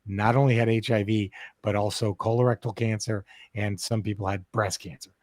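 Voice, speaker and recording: A man co-hosting a podcast, telling a story in a casual, profane, animated way. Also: on the low side, normal speed, dry recording, studio quality. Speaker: podcast co-host. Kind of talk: casual chat.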